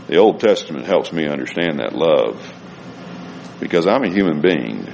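A man's voice: low voice, lively intonation, normal speed, creaky, slight background noise. Man preaching in an echoing hall. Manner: reads scripture aloud, rising and falling emphasis. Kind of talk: sermon. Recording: reverberant hall with faint ambience.

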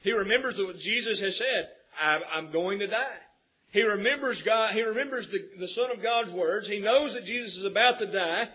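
A man delivers a sermon in a husky, slightly high voice. He talks earnestly and climbs to emphatic peaks as he drives each point home. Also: a little fast, few pauses, bright, forceful tone, rough recording. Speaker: preacher.

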